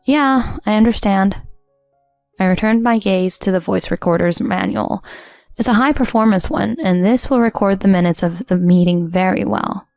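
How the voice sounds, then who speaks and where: A woman narrating a first-person story in an even, composed way. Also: mid-range voice, normal speed, creaky, no room sound, clean studio sound. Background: soft music.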